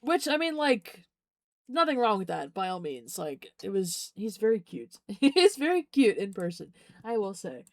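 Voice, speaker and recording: A woman's voice: medium pitch, very animated, unhurried, no room sound, clean studio sound. A young adult woman streamer chatting casually, rambling, giggling often, and repeating herself. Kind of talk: casual chat.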